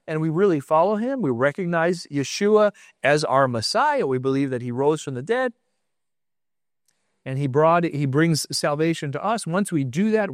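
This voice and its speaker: A man's voice: on the high side, dry recording, studio quality. A middle-aged American man giving a sermon in a conversational, storytelling way, stressing his points with short affirmations. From United States. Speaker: congregation leader.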